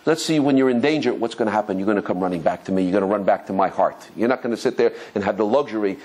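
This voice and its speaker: A rabbi giving an animated Torah class, telling stories excitedly with stumbling repetitions and chuckles. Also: male voice, on the low side, racing, slightly rough. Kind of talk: animated Torah lesson with storytelling.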